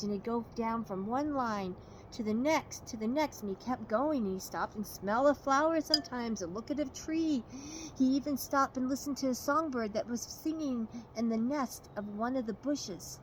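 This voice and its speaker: A woman storyteller telling a fable with a moral in an expressive, lively way. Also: on the high side, a little hiss or hum, low-quality recording.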